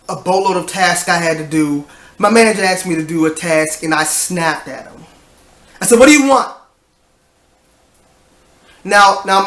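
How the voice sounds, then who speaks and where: Young man, tired, rambling vlog story, high voice, echoey room. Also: pushed and bright. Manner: tired, rambling, frequent restarts and sighs. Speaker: vlogger.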